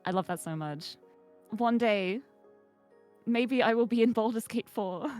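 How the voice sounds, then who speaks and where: A woman's voice: a little high, a little slow, darkish tone, faint music behind. A British woman voice actor chatting casually on a game stream, giggly and self-deprecating.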